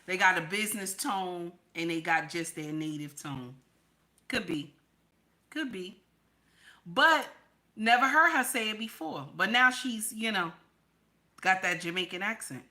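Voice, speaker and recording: A woman from the New talks straight to her viewers, with a bright, forceful tone. She is blunt and emphatic, and she hammers her points home by saying them again and again. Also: medium pitch, animated, measured pace, long pauses, poor audio. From New York / New Jersey area. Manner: blunt, emphatic, repeats lines for stress. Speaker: online commentator. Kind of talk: casual political commentary vlog.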